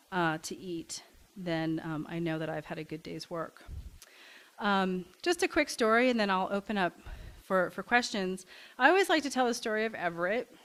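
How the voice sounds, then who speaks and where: A middle-aged woman from Kentucky, founder of a community café, giving a talk and telling a story with frequent "um"s and restarts. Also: on the low side. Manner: warm storytelling with hesitant fillers. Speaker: nonprofit café founder and director. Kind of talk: talk to a congregation.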